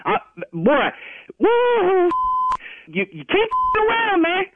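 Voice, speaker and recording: A man's high, lively voice goes heated and threatening as he talks in slang. The sound is thin and narrow, like a phone line. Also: takes it slowly, a little hiss or hum. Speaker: prank call target. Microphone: telephone.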